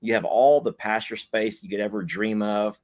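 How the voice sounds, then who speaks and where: A man's voice: lowish voice, normal speed. Folksy, joking man chatting on a stream. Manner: folksy, joking, animated asides. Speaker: co-host. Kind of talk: casual livestream chat.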